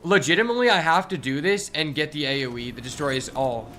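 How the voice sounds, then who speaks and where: Male streamer, bright forceful voice, fairly high, excitable, exasperated, cursing, faint music behind. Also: fast, a little hiss or hum. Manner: excitable, exasperated, swears a lot. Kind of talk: live gameplay commentary.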